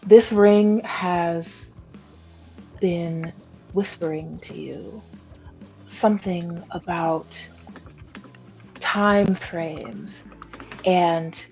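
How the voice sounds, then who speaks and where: A woman running a tabletop role-play game as game master, narrating slowly with many pauses and fillers. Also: fairly low pitch, steady tone, warm tone. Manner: slow, musing narration full of fillers. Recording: dull lo-fi stream audio with faint music.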